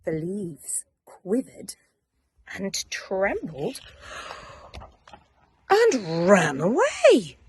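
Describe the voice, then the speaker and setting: Soft, breathy woman reading a bedtime story. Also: medium pitch, wildly swooping pitch, very slow, long pauses. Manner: soft, hushed and soothing, drifting into whispers.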